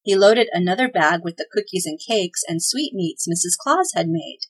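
A woman reads a children's storybook aloud as the host of a holiday podcast. Her telling is gentle and expressive, clear and even in pace. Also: lowish voice, normal speed, low-quality recording. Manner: gentle, expressive read-aloud with voiced characters.

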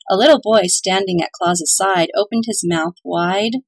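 Reading a children's Christmas story like a cheerful, playful radio announcer, this woman has a husky mid-range voice with vocal fry. She moves along at normal speed with hardly any pauses, and the scripted narration is captured in dry, poor-quality audio.

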